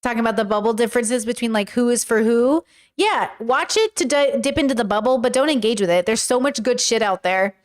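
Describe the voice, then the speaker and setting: This is a casual livestream where a woman reacts to videos and speaks directly to her chat. Her voice sits on the high side and sounds animated and brisk. She's giggly and jokey, laughing frequently.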